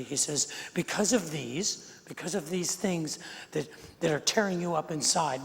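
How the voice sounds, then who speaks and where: A middle-aged man preaching a sermon as pastor, talking in a conversational way that swings from quiet to emphatic and repeats words as he goes. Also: a little high, vocal fry. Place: large church sanctuary. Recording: long hall reverb from the sanctuary.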